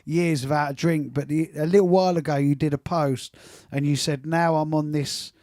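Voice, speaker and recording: A man hosts a music chat show, eager and tripping over restarts as he talks. His voice sits a bit high for a man. The sound is dry and close. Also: fairly even intonation, normal speed, darkish tone, no room sound. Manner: enthusiastic, stumbling restarts. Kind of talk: casual interview chat.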